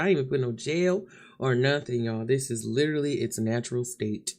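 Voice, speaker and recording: A woman's voice: very deep voice, fairly quick, darkish tone. Chatty woman talking openly to her viewers. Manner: chatty, open, addresses viewers as y'all and honey. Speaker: vlogger. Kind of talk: candid live-stream chat to viewers. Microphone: camera mic.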